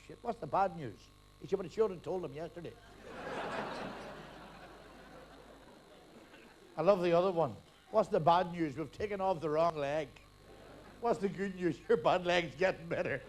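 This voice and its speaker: Comic on stage, high voice jumping all over the place, crude quickfire jokes, faint hiss on the old tape. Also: male voice, rough recording. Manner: rapid-fire joke telling with crude punchlines, laughing at his own gags. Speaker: stand-up comedian. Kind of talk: stand-up comedy routine. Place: live comedy stage.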